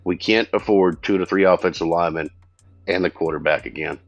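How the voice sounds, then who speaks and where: A man's voice: deep voice, no room sound, lo-fi sound, soft background music. A man from Texas guesting on a sports podcast, blunt and joking in casual chat. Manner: blunt, joking, drawn-out complaints.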